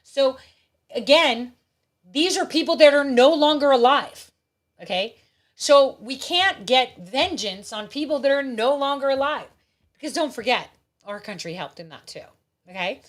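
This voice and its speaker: A woman's voice: sits high, animated, unhurried. A woman hosting her own show, giving blunt, profane political commentary in a ranting manner. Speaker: show host.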